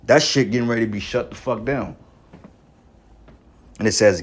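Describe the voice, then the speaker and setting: Husky guy preaching rough and blunt, cursing a lot. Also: medium pitch, normal speed, long pauses. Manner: blunt, rough-talking, profane. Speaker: online preacher. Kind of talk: profane street-preaching rant.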